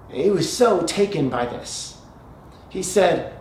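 A male pastor preaching a sermon, telling a story and slowing down for emphasis. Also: on the high side, darkish tone, a little hiss or hum. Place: church sanctuary. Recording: echoey church hall, faint ambience.

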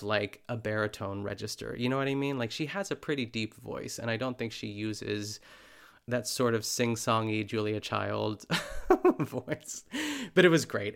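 A man's voice: medium pitch, fairly bright tone. A man hosting a podcast, talking in a casual, chatty way with lots of filler words and frequent laughs. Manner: laughs often while talking. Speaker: podcast host.

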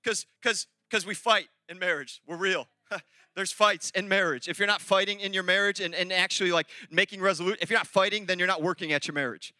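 A pastor preaching a lively, rambling sermon full of restarts and asides. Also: male voice, sits high, brisk, dry recording. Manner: animated, rambling, with many restarts and laughs.

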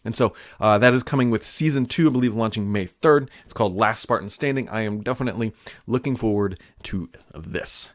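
A man's voice: lowish voice, brisk, no echo. Chatty man hosting tech news, dry sound. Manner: chatty and offhand, with fillers and asides. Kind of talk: casual solo news commentary.

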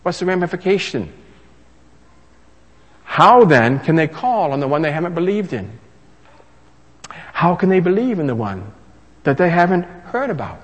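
Male preacher, lively delivery, slightly husky voice, long hall reverb. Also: fairly high pitch, unhurried, pauses often. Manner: animated, rising to emphatic crescendos. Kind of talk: sermon.

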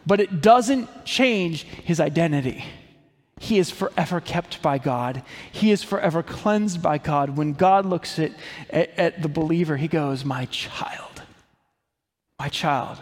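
Brief: male pastor, fairly high voice, earnest sermon delivery that swells to emphasis, long hall reverb. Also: expressive, a little slow, darkish tone. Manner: earnest, builds to emphatic peaks.

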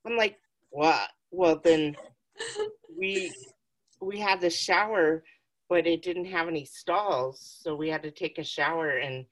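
Low-voiced giggly woman telling rambling stories. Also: slow. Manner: rambling storyteller, giggly, swears freely. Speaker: podcast co-host. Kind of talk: casual chat.

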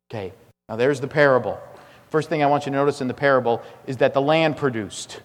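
A male pastor preaching an expository sermon, with emphatic, repetitive phrasing that swings between loud and hushed. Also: medium pitch, quick pace. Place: church sanctuary. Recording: long reverb of a church hall.

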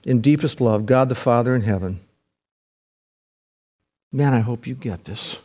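A man preaching a sermon in a folksy way, swinging from loud fervent peaks to hushed, low passages. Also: unhurried. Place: church service with a live audience.

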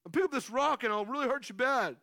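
A man's voice: very high-pitched, expressive, fast, bright, forceful tone, no room sound, clean studio sound, exaggerated voice. A man preaching who puts on the voice of Cain, a sulking, jealous young man who snaps curtly and threatens his brother. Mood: sulky. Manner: curt, sullen, threatening.

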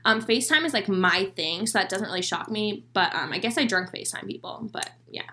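A woman's voice: medium pitch, expressive, brisk, pushed and bright. A young woman co-hosting a chatty podcast, reading out questions and answering with lots of giggles and fillers. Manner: bubbly, giggly, reads questions aloud. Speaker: podcast co-host. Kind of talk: casual chat.

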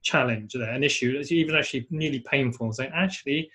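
A man co-hosting a live webinar, thinking aloud in a casual, animated way, with many restarts, and reading out audience comments. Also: medium pitch, brisk, breathy edge.

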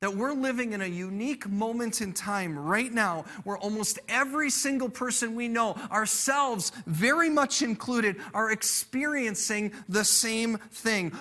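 A man's voice: high-pitched, normal speed, hardly any pauses, bright, forceful tone. A man in his thirties preaching a sermon, reading scripture and then telling a family story in an earnest way, acting out the people he quotes. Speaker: pastor.

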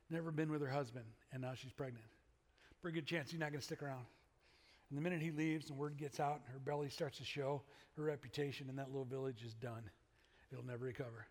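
A man preaches a sermon in a relaxed, conversational way. He swings between loud animated bursts and quiet earnest asides. His voice sits a little high and rings out in a big reverberant hall. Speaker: pastor.

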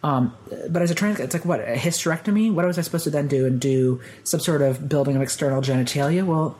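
A man guest on a podcast, telling personal stories in a rambling, animated way full of "like". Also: a little high, quick pace, rough recording. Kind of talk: conversational storytelling.

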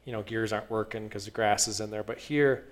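A man's voice: fairly low pitch, steady tone, a little fast. A man describing a muddy race in a rambling, emphatic way as a guest. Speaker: adventure racer, guest. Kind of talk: casual chat.

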